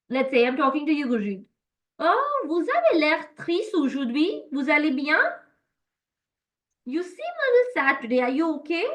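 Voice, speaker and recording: A woman's voice: high-pitched, a bit bright, low-quality recording. A woman teaching French in an online class, explaining step by step with many fillers and lots of encouragement.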